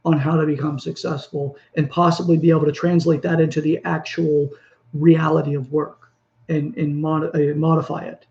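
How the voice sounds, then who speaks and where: This is a man with a slightly high voice, talking earnestly through a motivational monologue. He rambles, restarts phrases and corrects himself mid-thought. The recording is dull and lo-fi. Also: a little mellow. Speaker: podcast host.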